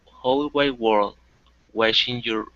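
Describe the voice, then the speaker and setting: A man learning reads a rhyme aloud very slowly and haltingly, repeating words until they come out right. His voice is bright and close. The sound is dry and muffled. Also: mid-range voice, fairly even intonation, dry recording. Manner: slow, halting reading with repetitions. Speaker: student. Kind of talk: reading aloud in a language class.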